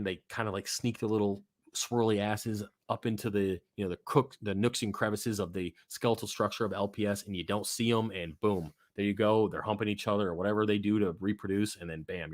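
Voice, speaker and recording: A man's voice: lowish voice, no room sound, studio quality. A young adult man hosting a live aquarium Q&A, chatting casually and bluntly with some swearing, his voice worn from talking. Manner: blunt, profane, rambling, self-mocking. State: losing his voice. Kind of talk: casual live-stream chat.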